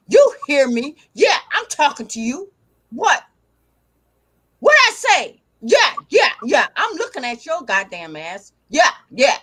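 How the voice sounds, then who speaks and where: Brief: older woman host, very high and lively voice, brash playful teasing on a video call. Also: slow. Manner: loud playful teasing, swearing, repeats a pet's name. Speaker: live stream host. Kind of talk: casual live stream chat.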